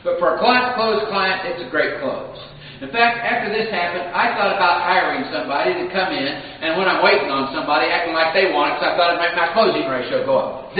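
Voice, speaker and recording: A fairly high-voiced man leads a sales training class, telling stories with energy and acting out customers' lines. He is heard from far off in a big, echoey hall with a long reverb tail. The recording is dull and lo-fi, with faint noise underneath. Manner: animated storyteller, acts out customers' lines. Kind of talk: live seminar talk to a class.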